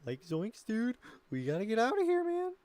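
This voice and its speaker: A jittery stoner hippie guy, as a man puts him on, with a drawling, slangy delivery. The voice is pushed noticeably higher than natural and rises nervously. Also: huge pitch swings, moderate pace, a little mellow, exaggerated voice. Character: laid-back stoner hippie young man.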